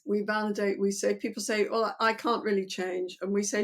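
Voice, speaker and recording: Speaking fairly quickly in a mid-range voice, an older woman therapist lays out her methods in an interview. She is animated and acts out client and therapist lines of dialogue.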